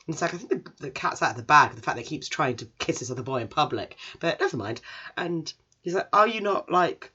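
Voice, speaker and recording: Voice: mid-range voice, animated, fast, sharp tone, husky. Chatty anime recapper. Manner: chatty, rambling, does character voices. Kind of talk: casual episode recap. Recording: dull lo-fi recording.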